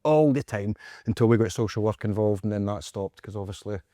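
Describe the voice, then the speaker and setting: A Scottish man, a podcast co-host, telling a story in casual chat, animated and acting out quotes with frequent laughs. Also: on the low side, fairly quick, no echo, clean studio sound. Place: podcast studio.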